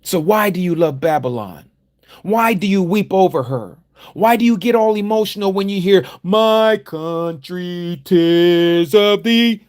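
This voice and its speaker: A fired-up American man preaches through a Bible study, slowing down to linger on words and then rising into loud, forceful exhortation. He fills it with rhetorical questions and casual asides, and his voice sits on the higher side. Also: animated. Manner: emphatic preaching that swings from low, slow reading to loud, fired-up exhortation. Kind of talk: livestreamed sermon-style Bible teaching.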